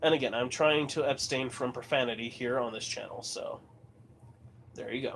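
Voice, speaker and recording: A man's voice: mid-range voice, moderate pace, a bit bright, a little hiss or hum. A man from Colorado chatting casually as host of his livestream, rambling and laughing often. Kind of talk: casual chat.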